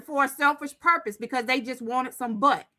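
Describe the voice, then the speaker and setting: A woman on a talk-show panel argues bluntly and holds her ground with profanity. Her voice sits a little high and sounds bright and forceful. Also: normal speed. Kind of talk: heated panel discussion.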